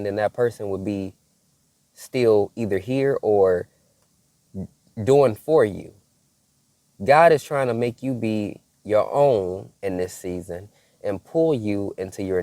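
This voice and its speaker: A man's voice: fairly low pitch, mellow, no echo. A man giving a devotional message to his viewers as a prophetic preacher, emphatic, repeating key phrases and checking in with "okay?".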